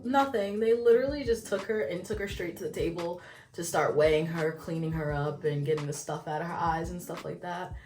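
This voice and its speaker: A woman's voice: on the low side, brisk. Chatty young woman in an echoey room. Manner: animated, chatty storytelling with many fillers. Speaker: vlogger. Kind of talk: casual story time. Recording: echoey room, distant from mic, faint music.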